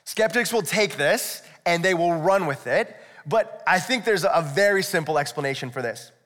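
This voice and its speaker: Man, pastor, conversational sermon, slightly high voice, long reverb of a hall. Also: lively intonation, moderate pace, fairly bright tone. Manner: conversational, explanatory preaching with rhetorical asides.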